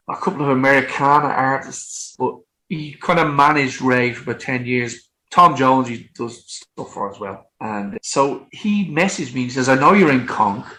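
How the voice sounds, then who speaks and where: A man in his fifties, a songwriter guest telling lively anecdotes in casual chat and acting out what people said. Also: medium pitch, low-quality recording. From Ireland. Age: 50s. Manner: animated, acts out quotes, frequent swearing.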